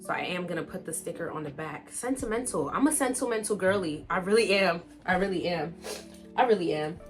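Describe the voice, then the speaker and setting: A young woman vlogs casually while unboxing plant mail, speaking briskly in a lowish voice with faint music behind her. She gushes excitedly, addressing her viewers directly.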